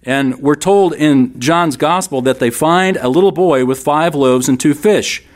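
A man's voice: on the high side, unhurried. A man teaching a Bible class in a sermon style, emphatic, repeating key lines and speaking straight to his listeners.

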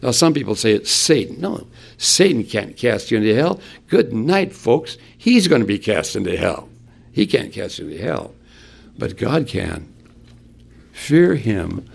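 A man's voice: fairly low pitch, sing-song, a little slow, creaky. A man preaching an expository sermon, asking his listeners rhetorical questions as he works through a Bible passage.

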